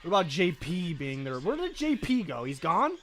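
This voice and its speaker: A man's voice: a little high, big pitch swings, normal speed, fairly bright tone, faint music behind. A man co-hosting a live draft watch stream, chatting casually, joking and reading out donations. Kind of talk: casual live reaction chat.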